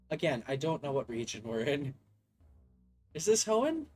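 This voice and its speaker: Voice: medium pitch, very animated, normal speed, long pauses, darkish tone, dry recording, soft background music. A gamer making casual, self-mocking asides while playing. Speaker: gaming video creator. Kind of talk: casual let's-play commentary.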